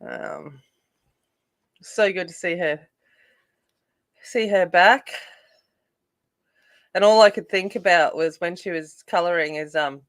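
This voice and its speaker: An Australian woman hosting a casual colouring livestream. She chats while she works, greets viewers by name and thinks out loud. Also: on the low side, slow, long pauses. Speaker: adult colouring livestream host.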